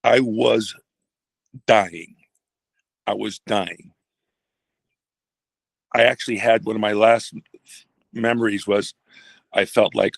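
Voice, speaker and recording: An older man, a retired pastor, telling a personal story in a halting, reflective way with many restarts. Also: fairly low pitch, steady tone, gravelly, no room sound.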